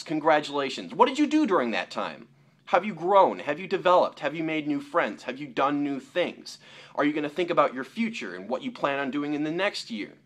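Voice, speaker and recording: A young man delivers an opinion vlog with a lively, swinging pitch. He argues his point at length and imitates the people he disagrees with in a lower, mocking tone. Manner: animated, mocking quotes in a lower voice. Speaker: YouTuber.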